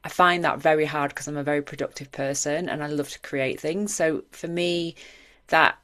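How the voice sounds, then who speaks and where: This podcast co-host, a woman in her 40s, speaks at normal speed in a low, steady, fairly bright voice. Her casual talk is earnest and reflective, spilling out in long, run-on trains of thought.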